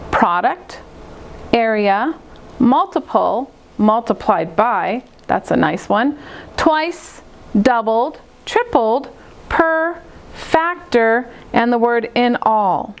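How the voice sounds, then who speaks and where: High-voiced teacher explaining to kids. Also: female voice, expressive. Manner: slow, clear, step-by-step explaining. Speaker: second grade teacher. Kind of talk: recorded math lesson for kids.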